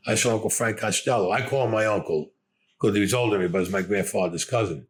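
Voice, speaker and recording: A man's voice: on the low side, quick pace, slight background noise. An older man with a Brooklyn accent, bluntly telling stories from his youth in an interview, full of swearing. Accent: Brooklyn New York. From Brooklyn, New York. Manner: blunt, gruff, swears often. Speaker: interviewee recounting his past. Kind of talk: profane storytelling interview.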